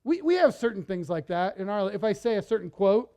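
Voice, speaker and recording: Preaching in church, this male pastor has a voice that sits high and talks a little fast. His sermon is animated and conversational, and he keeps repeating words along the way.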